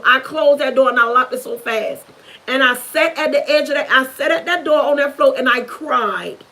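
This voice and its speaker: Talking straight to her viewers, a young vlogger recounts a painful chapter of her past in a high, sharp-toned voice that's animated and moves at a normal speed. Intense and earnest, she keeps circling back over the same words for emphasis, though the audio is poor.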